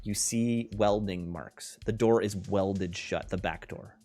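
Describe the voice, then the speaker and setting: A man as game master narrating a tabletop game with relaxed, casual rulings and fillers. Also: on the low side, slow pace.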